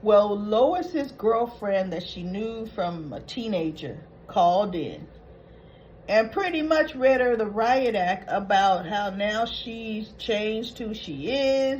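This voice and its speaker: A woman's voice: mid-range voice, big pitch swings, slow, a little mellow, muffled recording, a little hiss or hum. A woman hosting a casual soap opera recap, chatting through the episode and acting out the characters' lines as she goes. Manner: chatty, retells scenes acting out quoted lines.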